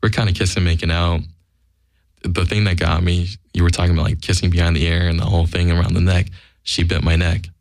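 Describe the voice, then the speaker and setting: Deep-voiced blunt man telling a story. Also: level tone, quick pace, gravelly, a little mellow, no room sound, clean studio sound. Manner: blunt, acts out quoted dialogue. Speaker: guest storyteller. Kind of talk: casual profane anecdote.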